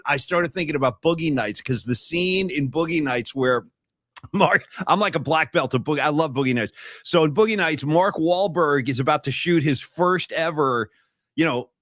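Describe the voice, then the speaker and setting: A man co-hosting a casual sports podcast over a video call, from San Francisco, telling animated stories and quoting movie lines. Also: fairly high pitch, dry recording. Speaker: podcast co-host.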